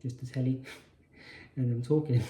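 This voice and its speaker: A man recalls an old experience in an unscripted monologue. His voice is very dark and mellow, and it echoes around the room. He stops and restarts often, correcting himself as he goes. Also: medium pitch, fairly even intonation, unhurried. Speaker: spiritual channel host. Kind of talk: personal storytelling monologue. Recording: roomy echo.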